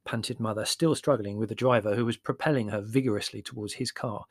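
Man, audiobook narrator, wry expressive memoir reading, dry studio sound. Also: fairly low pitch, moderate pace, few pauses, breathy edge, no room sound.

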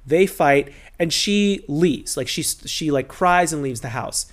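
A man's voice: fairly high pitch, expressive, takes it slowly. A man hosting a podcast, chatting casually and gossiping through a reality TV recap, mimicking the people he talks about. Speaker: podcast host.

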